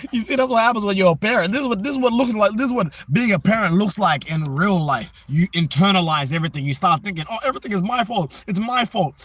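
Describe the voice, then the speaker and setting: Male livestream host, high and slightly husky voice, slangy, rambling, quick to rant. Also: a bit bright, no echo. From Australia. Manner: laid-back, rambling, slangy; heated ranting at a chat viewer. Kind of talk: casual livestream chat.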